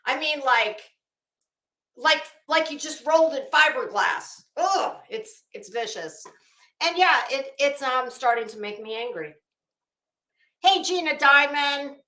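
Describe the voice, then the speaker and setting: Female livestream host, chatty and rambling, bright tone, echoey home room. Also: high-pitched, animated, a little slow. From Florida. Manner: chatty, greets viewers by name, rambling asides. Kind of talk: casual livestream chat.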